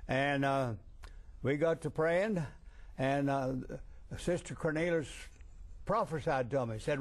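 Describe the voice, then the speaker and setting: An older man who is a preacher, telling a miracle story in plain folksy speech. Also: fairly high pitch. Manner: plain rural speech, unhurried. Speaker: preacher guest. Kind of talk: folksy testimony.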